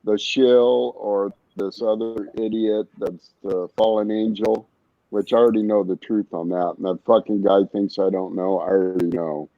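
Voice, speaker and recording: A man talks in a loose, rambling way, cursing freely and circling back to his points. His voice sits a bit low, and the sound is dry and dull like a cheap voice chat mic. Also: fairly even intonation, moderate pace, gravelly, dry recording. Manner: rambling, profane, laid-back. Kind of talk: casual chat.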